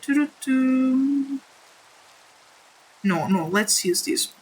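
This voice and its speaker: A woman with a non-native English accent chatting candidly on a live stream while gaming, halting and apologetic. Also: medium pitch, fairly bright tone, low-quality recording.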